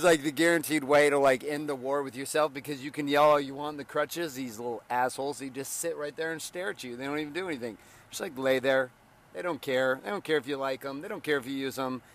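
A middle-aged man hosting a motivational podcast as a coach, talking casually with profanity and jokes, and now and then bursting into loud yells. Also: medium pitch. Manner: profane, joking, bursts into shouting.

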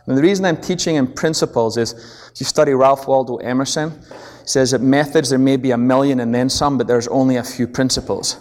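A middle-aged man with a Scottish accent giving a business seminar, telling stories with energy and checking in with the audience. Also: mid-range voice. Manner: animated storytelling, checks in with the audience. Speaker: seminar speaker. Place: large presentation hall. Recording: long echo of a large hall.

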